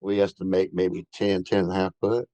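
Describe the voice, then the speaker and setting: A man's voice: deep voice, level tone, normal speed, warm tone, no echo, low-quality recording. A man telling a rambling first-hand story in a casual way, with many fillers and restarts. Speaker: bigfoot researcher telling an encounter.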